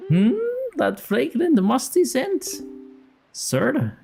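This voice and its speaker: A man voicing an eccentric grown man in a fairy costume, giddy and greedy, in a high, sing-song, preposterous voice, with game music behind. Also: wildly swooping pitch, drawn-out words, creaky, darkish tone, full character voice.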